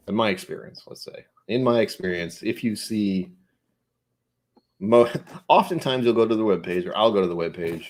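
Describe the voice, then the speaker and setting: Rambling man tasting whiskey on stream. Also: lowish voice. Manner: rambling, thinks aloud, self-correcting. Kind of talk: casual tasting livestream chat.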